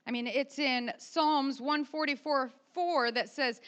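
A middle-aged woman and mother preaching a sermon, emphatic and animated, swinging from soft asides to loud pushes. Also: high voice, a little slow.

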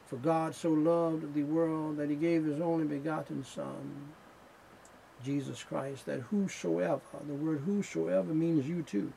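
A man preaching a sermon in slow, emphatic phrases that build in fervor. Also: on the high side, steady tone, creaky, warm tone, a little hiss or hum, poor audio.

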